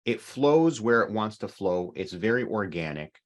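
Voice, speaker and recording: A man's voice: fairly low pitch, expressive, normal speed. A middle-aged man teaching an online language class over a video call, patiently explaining with examples. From North America.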